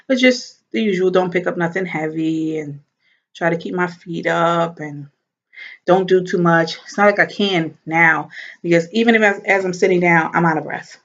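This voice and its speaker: A woman chatting casually to camera as a vlogger, animated and laughing as she talks. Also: fairly low pitch, moderate pace, lo-fi sound.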